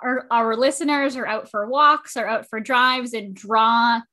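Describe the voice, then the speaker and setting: A woman's voice: on the high side, steady tone, measured pace, sharp tone. A woman producer interviewing a podcast host, friendly and playful in her questions. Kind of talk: casual conversational interview.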